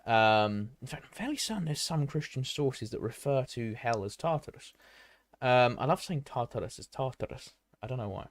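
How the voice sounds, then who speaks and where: Guy on a live stream reading history stuff out loud, trips over words and restarts, bouncy pitch, dry close sound. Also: expressive, moderate pace, no room sound. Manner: reads aloud with many restarts and asides; chatty, answers live chat.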